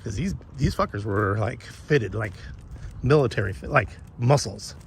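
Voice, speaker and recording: A man's voice: on the low side, lively intonation, normal speed, slight background noise. A man chatting casually with viewers while walking his dog outdoors, rambling and profane as he tells a story. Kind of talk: casual chat to live viewers. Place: outdoors on a walk.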